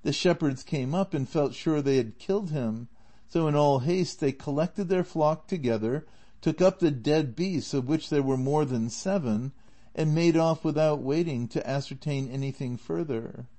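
A man reads a classic novel aloud as an audiobook narrator, keeping a steady, measured storytelling pace. His voice sits a little high, and its tone is mellow and soft.

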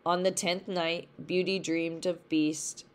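A woman teacher reading a storybook aloud for a lesson, slow and careful. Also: fairly low pitch, level tone. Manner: slow, careful read-along pace.

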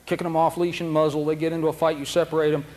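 A man's voice: on the high side, rapid-fire. Folksy man lecturing at a dog seminar. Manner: folksy, animated, acts out dogs' thoughts in silly voices. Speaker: dog training seminar instructor. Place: training seminar room. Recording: noisy old video tape of a seminar.

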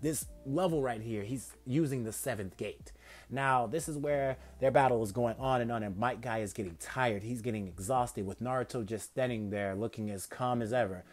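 Guy telling a fan story off the cuff, lots of likes and basicallys, mid pitch. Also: moderate pace, soft background music. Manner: rambling, filler-heavy, self-correcting. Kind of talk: casual spoken retelling of a fan story.

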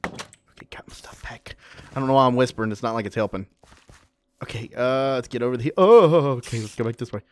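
Chatty man narrating his gameplay, excitable and quick to yelp, mid-pitched, slight hiss on the recording. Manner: chatty, excitable, yelps when startled. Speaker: let's play gamer. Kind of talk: casual gameplay commentary.

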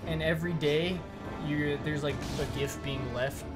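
A man's voice: on the high side, measured pace. A young man hosting a let's play, chatting casually with crude jokes. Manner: crude, joking, animated. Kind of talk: casual gaming chat. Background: video game music.

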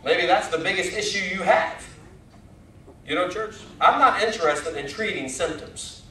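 High-voiced pastor in an echoey church. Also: male voice, moderate pace, sharp tone, distant mic, slight background noise. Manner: conversational, folksy, with rising emphatic questions. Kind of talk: sermon. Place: church sanctuary.

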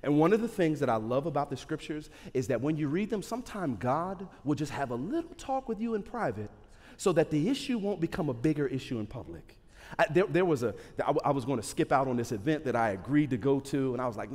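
A man preaching a sermon to his church in a lively, joking, conversational way. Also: on the high side, fairly quick. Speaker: pastor. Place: large church hall. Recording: hall reverb.

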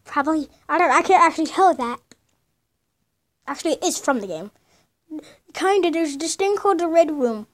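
A woman's voice: sits high, animated, moderate pace, pauses often. A woman playing a horror game and commentating casually, rambling and nervous as she goes. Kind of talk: casual let's-play commentary.

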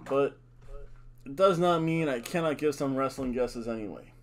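A man's voice: medium pitch, normal speed. A middle-aged man hosting a casual wrestling predictions vlog, playful and showy, with announcer-style catchphrases. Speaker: host.

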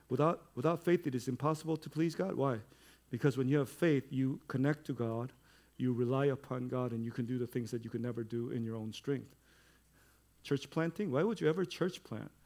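A middle-aged male pastor giving a sermon in a conversational way, building to loud, emphatic stretches. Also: medium pitch.

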